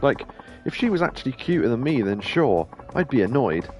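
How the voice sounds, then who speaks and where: A man's voice: mid-range voice, big pitch swings, brisk, darkish tone, faint music behind, close to an everyday voice. A man reading out a rude, ranting hostess. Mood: indignant. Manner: petty, ranting and crude. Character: rude, bitter young female hostess.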